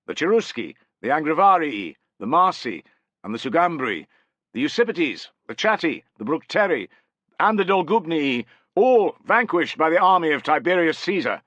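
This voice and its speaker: A man's voice: fairly high pitch, sing-song, moderate pace, fairly bright tone, dry recording, lo-fi sound, voice pushed up. A man voicing a commanding Roman general reading a formal proclamation, in an audiobook. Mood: proclaiming.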